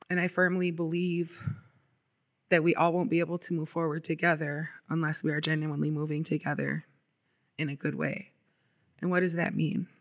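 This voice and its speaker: A woman speaks at a public event as a climate justice organizer. Her delivery is earnest and impassioned, though her pitch stays fairly level. She sounds steady and sure, with the odd filler. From Minnesota. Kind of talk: public speech.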